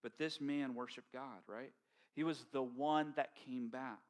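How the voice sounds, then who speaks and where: A man preaching a sermon to his congregation in an animated, conversational storytelling manner, acting out quotes along the way. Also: medium pitch, measured pace. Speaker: pastor. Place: church sanctuary with congregation.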